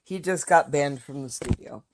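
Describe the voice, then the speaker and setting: A woman's voice: sits low, moderate pace, a little hiss or hum. A woman streaming live, talking bluntly and with heavy profanity as she rants straight to her viewers. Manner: fired-up ranting to viewers. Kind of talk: casual live-stream chat.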